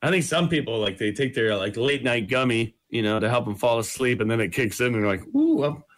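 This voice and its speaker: A man's voice: medium pitch, fast. A man co-hosting a morning radio show over a phone line, telling laid-back stories in casual banter. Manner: storytelling, laid-back, animated. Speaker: radio co-host.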